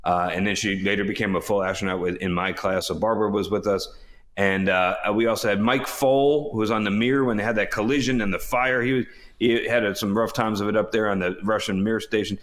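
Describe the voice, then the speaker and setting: A man's voice: lowish voice, fairly even intonation, a little fast, a bit bright. A man in his fifties co-hosting a podcast, telling rambling, self-correcting anecdotes in a casual chat with chuckles along the way. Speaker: podcast co-host.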